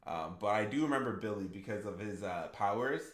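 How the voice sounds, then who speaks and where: Casting: man, 30s, low voice, loose rambling streamer chat, echoey room. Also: animated, a little fast. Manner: rambling, full of "like" and restarts. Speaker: gaming streamer. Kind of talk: casual livestream chat.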